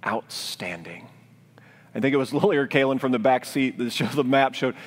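A man preaching a sermon as pastor, speaking in a gentle, reflective, pleading way. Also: medium pitch, lively intonation, moderate pace. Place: church sanctuary, live-streamed. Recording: long church-hall reverb.

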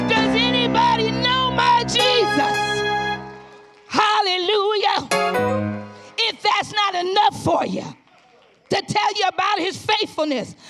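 A woman pastor preaching a sermon, shouting phrases in call and response and at times dropping to a low, quick, intimate voice.

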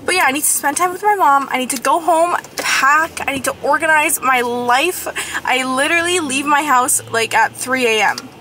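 A young woman vlogging while driving, excitable and chatty, a little sniffly and congested, peppering her talk with "like" and "oh my god". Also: sits high, normal speed, slight background noise. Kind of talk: casual vlog chat. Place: in a car, driving.

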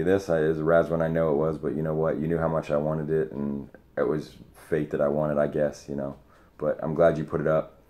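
A man opening sports card mail on camera, chatting excitedly to the friend who sent it. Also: very deep voice. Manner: excited, talks to the sender directly. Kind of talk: casual unboxing vlog.

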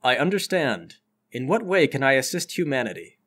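A man's voice: mid-range voice, sing-song, moderate pace, a bit bright, pitched below the performer's own voice. A man voicing a grandiose artificial man who speaks in a lofty, formal way in a tabletop game. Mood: solemn. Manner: solemn, formal speech.

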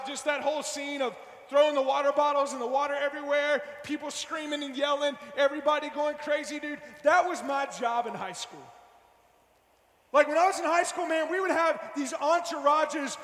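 High-voiced man preaching loudly in a hall. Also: fairly even intonation, a little fast. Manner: loud, fervent, slangy with "man" and "dude". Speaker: youth speaker. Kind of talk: energetic youth sermon. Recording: echoey hall with long reverb.

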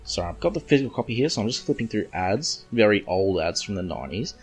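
A man's voice: fairly low pitch, big pitch swings, quick pace, few pauses, breathy edge, faint music behind. An Australian-accented man hosting a podcast, recapping a comic book in a rambling way with joking asides. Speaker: podcast host.

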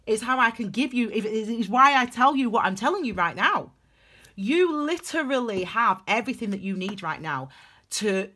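Animated woman reading tarot. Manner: animated, emphatic, repeats phrases for stress, big swings in pitch and loudness. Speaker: tarot reader. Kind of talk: casual intuitive tarot reading to camera.

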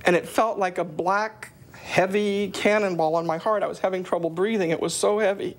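A middle-aged woman giving an earnest personal testimony of faith, her voice climbing high whenever she quotes her own prayers. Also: expressive, brisk.

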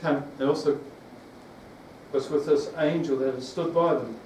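NZ male preacher, fairly high voice, rambling sermon delivery, recorded far off in an echoey room. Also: fairly even intonation, moderate pace, a little mellow, slight background noise. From New Zealand. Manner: rambling, with restarts and questions to the congregation.

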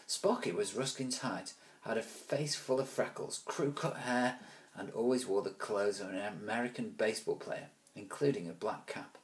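A man reading a children's book aloud, with relaxed, chatty asides. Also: on the low side, normal speed. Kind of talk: casual read-aloud storytelling.

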